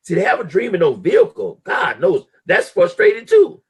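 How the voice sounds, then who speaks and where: A man's voice: huge pitch swings, moderate pace, slightly rough. A middle-aged man speaking as a guest on a live stream, giving a motivational talk with emphatic, sweeping delivery. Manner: emphatic preacher-like delivery with big pitch swings. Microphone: live stream call audio.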